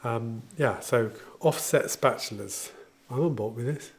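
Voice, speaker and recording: A man's voice: medium pitch, measured pace. Chatty man demonstrating baking gear. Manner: chatty, jokey, enthusiastic. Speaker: home baker showing equipment. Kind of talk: casual product demonstration.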